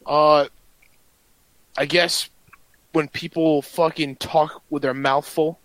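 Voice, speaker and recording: Slightly high-voiced man teasing his friends. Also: little pitch movement, takes it slowly, fairly bright tone, no room sound, poor audio. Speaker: podcast co-host. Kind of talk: casual podcast chat.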